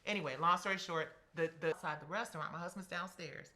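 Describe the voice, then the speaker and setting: A middle-aged woman telling a story as an interview guest, animated and blunt, acting out what others said. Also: on the low side, fast. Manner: animated, quotes people in acted voices, swears freely.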